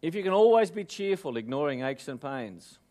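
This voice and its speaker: A man with an Australian accent giving a motivational talk, telling jokes lively and asking the audience questions. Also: fairly high pitch, normal speed. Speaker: motivational speaker.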